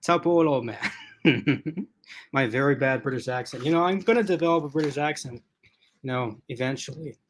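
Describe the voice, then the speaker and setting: A man's voice: mid-range voice, moderate pace, slight background noise. A man hosting a casual livestream unboxing from his laptop, rambling and chatty with lots of fillers, restarts and laughs. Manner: laughs often. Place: at home in front of a laptop.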